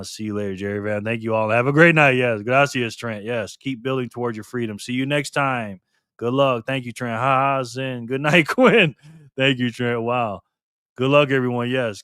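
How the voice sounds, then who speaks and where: A man hosting a casual live stream, reading the chat aloud with excitement and frequent laughter. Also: medium pitch, clear, resonant tone, no room sound, clean studio sound.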